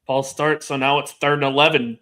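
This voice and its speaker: A man co-hosting a watch-along, giving steady casual play-by-play of a football game. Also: medium pitch, fairly quick. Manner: steady play-by-play, agrees with short acknowledgements.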